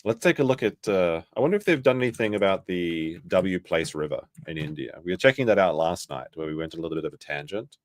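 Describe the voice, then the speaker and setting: A man's voice: deep voice, lively intonation, quick pace, few pauses, no echo, clean studio sound. A man streaming casual reaction commentary, reading news aloud and adding sarcastic, rambling asides.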